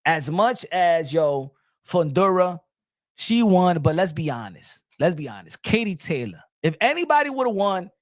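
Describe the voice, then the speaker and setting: A man's voice: high voice, big pitch swings, measured pace, no echo, studio quality. Man rambling casually about boxing. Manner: rambling, repeats points, swears. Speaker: boxing channel host.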